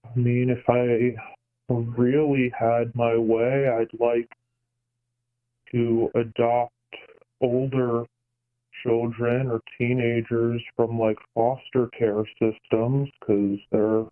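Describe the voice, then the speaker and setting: A young man in his twenties speaks over a tinny phone line, slowly and hesitantly. His voice stays flat and even, with little rise or fall. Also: medium pitch. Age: 20s. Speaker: caller. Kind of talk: casual phone conversation.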